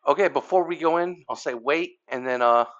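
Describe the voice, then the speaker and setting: A man's voice: on the high side, fairly quick, fairly bright tone. A man playing a tabletop game, casual and thinking aloud, heard over a dull online call. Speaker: player.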